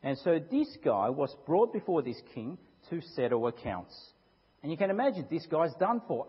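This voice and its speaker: A man with a slightly high, husky voice preaches a sermon, telling a story with lively swings of pitch and frequent rhetorical questions. The recording is dull and lo-fi, and his voice carries a long echo through a church hall. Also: normal speed. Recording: echoey hall, dull lo-fi sound.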